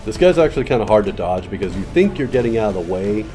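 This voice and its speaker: Over music, a man streams a video game, muttering low-key, casual commentary and swearing often. He talks fast in a sing-song way.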